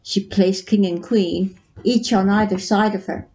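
Woman, story read aloud, slow measured narration, mid-pitched voice. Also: steady tone, dark tone. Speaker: story reader. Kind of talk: reading her own story aloud.

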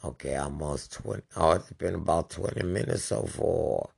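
A man's voice: a bass voice, moderate pace, vocal fry, a little mellow, breathy edge, no room sound. A man casually and profanely reminiscing about old times, acting out sound effects as he swears freely. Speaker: storyteller.

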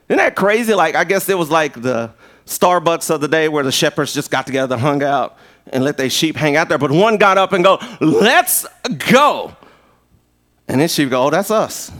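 Pastor guy preaching live, playful and animated, kinda high voice. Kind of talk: lively sermon.

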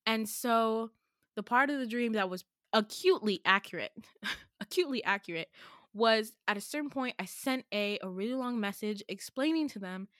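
A young woman hosting a podcast, telling a story in casual chat, animated and swearing freely as she acts out what people said. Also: a little high, normal speed, dry recording, studio quality. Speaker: podcast host.

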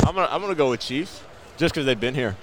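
A man guest on a radio show, chatting casually and upbeat while pitching a product. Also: lively intonation, fast talker, noisy background. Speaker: guest football player. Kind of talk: casual interview chat. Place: outdoor radio row booth.

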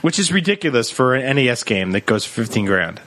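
A man on a comedy podcast making crude, deadpan absurd jokes in casual banter. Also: medium pitch, fast. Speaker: podcast co-host.

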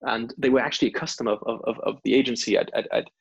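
Gravelly man with a German accent. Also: medium pitch, racing, dry recording. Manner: animated, acts out quotes with stammered restarts. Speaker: interview guest, event host. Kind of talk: casual storytelling interview. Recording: slightly dull lo-fi audio.

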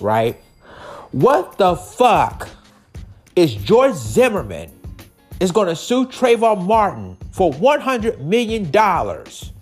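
A man's voice: a little high, darkish tone. A man hosting his own podcast, ranting with indignation and cursing as he reads and reacts to a news story. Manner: profane, indignant, emphatic. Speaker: podcast host. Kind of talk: angry podcast rant.

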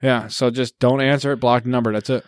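A man's voice: medium pitch, steady tone, fast, clear, resonant tone, no room sound, clean studio sound. A man hosting a podcast, chatting casually with crude jokes and frequent laughter. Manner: crude, joking, laughs often. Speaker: podcast host. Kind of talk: casual chat.

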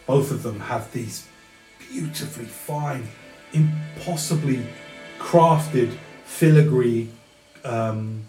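Male game master for a fantasy tabletop game; slow, descriptive narration in a reverberant room. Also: medium pitch, mellow, faint music behind. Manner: slow, descriptive, pausing to find words.

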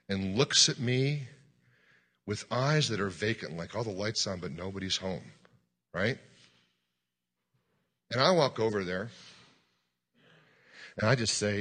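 A man preaching a sermon, telling a story with acted-out dialogue and occasional shouted commands. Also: on the low side, breathy edge. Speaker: pastor.

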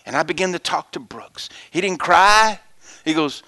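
A male pastor preaching a sermon, telling stories of the people he ministers to and dropping to whispers before rising to loud, high exclamations. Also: animated, moderate pace, no echo.

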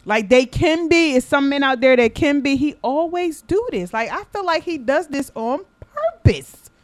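A high-voiced woman hosting a casual podcast, blunt and heavy with profanity. She tells stories with animation and jumps into quoted voices as she goes. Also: lively intonation, normal speed. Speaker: podcast host.

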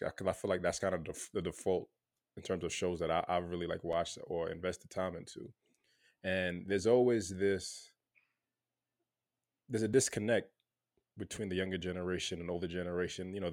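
A man's voice: low voice, darkish tone, dry recording, clean studio sound. A man in casual chat, laid-back, talking with lots of fillers and restarts.

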